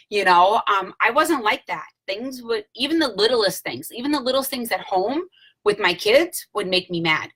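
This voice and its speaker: Woman, late 30s, casual home vlog testimonial; chatty and rambling, restarts often, fairly low pitch. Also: bright, forceful tone, rough recording. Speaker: vlogger selling CBD oil. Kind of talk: casual testimonial talk to camera.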